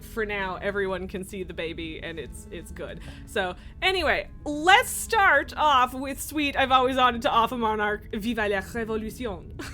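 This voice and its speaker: Bright, giggly young woman streamer. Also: fairly high pitch. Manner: chatty and giggly, many fillers. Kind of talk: casual live-stream chat. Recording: game music underneath.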